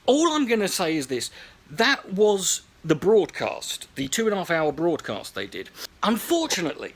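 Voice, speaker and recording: A man's voice: high voice, normal speed. A man delivering sarcastic, profane comedy commentary as host of his own show. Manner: profane, mocking, animated.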